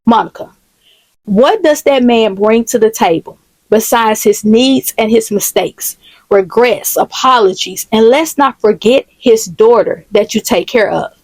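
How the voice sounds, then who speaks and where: A woman voicing a sassy, sharp-tongued woman store manager. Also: a little high, a little slow, no room sound. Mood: scornful.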